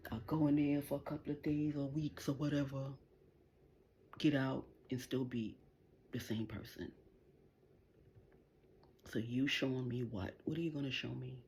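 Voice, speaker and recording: A woman's voice: rumbling low, fairly even intonation, measured pace, long pauses, mellow, a little hiss or hum. A middle-aged woman hosting a livestream, delivering an angry, profane, taunting rant straight at the people she is addressing. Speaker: livestream host.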